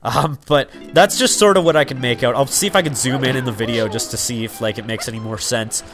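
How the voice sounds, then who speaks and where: A man's voice: medium pitch, fast, fairly bright tone, faint music behind. A man in his twenties giving casual, rambling commentary over a video game, full of fillers and side thoughts. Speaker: let's player.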